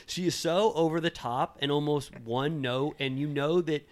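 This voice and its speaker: A man co-hosting a podcast, talking in a rambling, animated way and jumping up in pitch when quoting people. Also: measured pace. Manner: rambling and animated, restarts, quotes people in raised voices. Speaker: podcast co-host. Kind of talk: casual recap chat.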